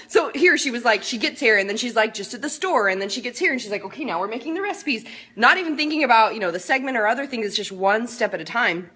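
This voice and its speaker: A woman's voice: on the high side, lively intonation, very fast, hardly any pauses, pushed and bright, breathy edge. A middle-aged woman hosting a casual coaching chat, bubbly and upbeat, laughing often. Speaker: life coach and show host.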